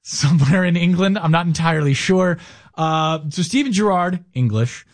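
A man's voice: fairly high pitch, animated, moderate pace, dry recording. A man hosting a casual sports talk show, setting up stories with emphatic, wry banter. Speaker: podcast host.

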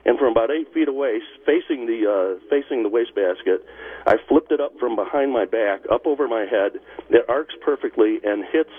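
A man's voice: medium pitch, moderate pace, slightly rough. A man calling into a radio show, telling his story hesitantly over the phone. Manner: hesitant, many uh fillers and restarts. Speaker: caller. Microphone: telephone. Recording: phone line.

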